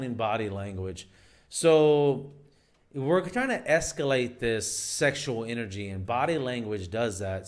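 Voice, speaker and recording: A man talks straight to camera, handing out dating advice in a loose, unscripted way. He is emphatic but keeps circling back and restarting his sentences. His pitch sits in a middle range. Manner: rambling and emphatic, frequent fillers and restarts. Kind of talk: casual advice monologue.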